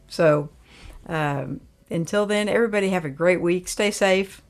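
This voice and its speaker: A woman's voice: fairly low pitch, normal speed. A woman hosting a livestream, chatting casually and reading out viewer comments. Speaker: livestream host.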